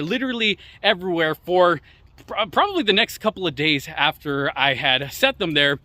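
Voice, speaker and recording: Bright-voiced chatty man vlogging on a walk. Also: on the high side, dry recording. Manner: chatty, loose, with many fillers. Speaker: tech vlogger. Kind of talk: casual walk-and-talk review. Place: outdoors, walking and jogging. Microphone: phone he carries with him.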